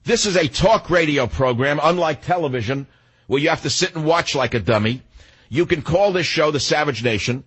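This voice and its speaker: A man's voice: a little high, expressive, normal speed, a bit bright, slightly rough. An older man hosting a talk radio show, delivering an indignant, combative monologue.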